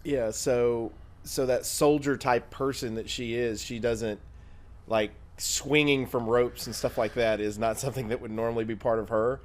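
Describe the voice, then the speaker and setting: A man co-hosting a casual gaming podcast, relaxed and teasing, with some fillers. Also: medium pitch, moderate pace. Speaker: podcast co-host.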